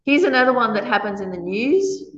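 A woman leading a workshop for a small group, lively and laughing often as she acts out quoted lines. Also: fairly high pitch, brisk, a little hiss or hum. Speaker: workshop leader. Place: meditation centre room. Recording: echoey room, dull lo-fi sound.

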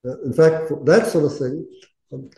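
A man's voice: a little high, moderate pace, gravelly, mellow. A man giving a casual Buddhist Dharma talk, chatty, often laughing and acting out quoted voices. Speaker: Buddhist teacher. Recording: roomy echo.

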